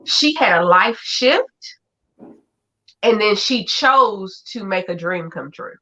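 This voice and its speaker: A woman hosting a casual chat, talking in an effusive, animated way. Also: mid-range voice, takes it slowly. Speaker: host. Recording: dull lo-fi audio.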